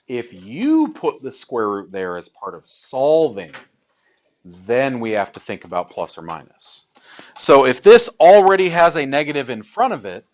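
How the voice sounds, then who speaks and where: A man teaching a math class in a classroom, talking casually and chatty as he explains. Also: fairly high pitch. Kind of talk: classroom lecture.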